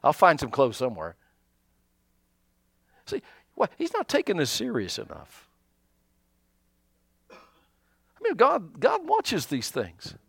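Lively high-voiced man preaching. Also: takes it slowly, gravelly, pauses often, slightly rough, no room sound. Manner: animated preaching with congregation call-outs and acted asides. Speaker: pastor. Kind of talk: sermon.

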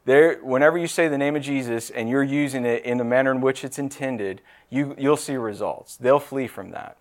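Man in his 30s or 40s, casual sermon delivery, talks with the room and keeps asking "right?", mid pitch. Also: normal speed. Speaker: preacher.

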